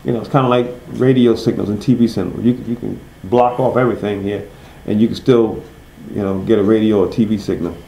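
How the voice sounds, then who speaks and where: A man teaching a Bible study. He asks his listeners questions and answers them himself, and he reads scripture slowly, stressing each word. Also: fairly low pitch, steady tone, creaky, dark tone, reverberant, slight background noise, rough recording.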